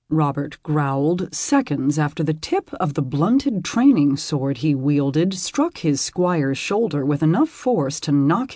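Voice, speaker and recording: A man reading a historical romance aloud in measured, intimate storytelling. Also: a little high, darkish tone, husky, no room sound, clean studio sound. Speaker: audiobook narrator. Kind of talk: scripted narration of a historical romance.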